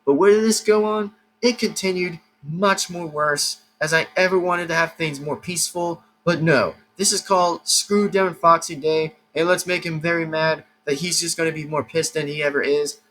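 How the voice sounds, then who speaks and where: A man's voice: fairly high pitch, fairly even intonation, normal speed, hardly any pauses, a bit bright, a little hiss or hum, low-quality recording. An agitated young man ranting at the camera as a YouTuber, repeating himself and swearing. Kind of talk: angry rant to camera.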